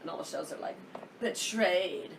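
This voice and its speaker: A woman's voice: fairly low pitch, moderate pace, gravelly, distant mic. A chatty woman co-hosts a casual podcast, laughing easily and trailing off mid-thought. Her voice sits a little away from the mic, with a faint hiss in the background. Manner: giggly, chatty, trails off in restarts. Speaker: podcast co-host. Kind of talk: casual chat.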